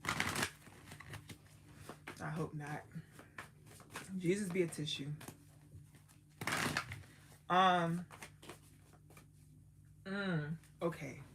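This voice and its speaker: Woman live streaming, chatty and emotional, slangy, stumbles over words, lowish voice. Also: extremely slow, pauses often, noisy background. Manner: emotional, slangy, repeats herself. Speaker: livestream host. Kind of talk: casual live-stream storytelling.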